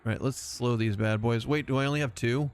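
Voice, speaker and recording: A man's voice: mid-range voice, steady tone, fairly quick, clean tone. Chatty man streaming a game. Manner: chatty, rambling, self-mocking, laughs often. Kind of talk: live game-stream commentary.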